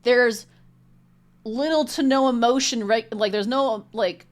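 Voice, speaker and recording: A woman's voice: fairly high pitch, measured pace. A woman reading tarot cards in a vlog, talking bluntly and indignantly with heavy profanity. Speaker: tarot reader.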